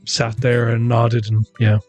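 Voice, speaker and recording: A man's voice: mid-range voice, completely flat delivery, measured pace, a little mellow, no echo, faint music behind. An Irish man co-hosting a podcast in casual chat, retelling events and mimicking the people he quotes. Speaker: podcast co-host.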